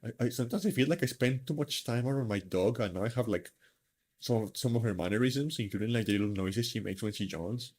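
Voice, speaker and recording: A man's voice: medium pitch, fast, darkish tone, husky. A man hosting a live stream, chatting casually in a rambling, self-mocking way with lots of fillers. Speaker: streamer host.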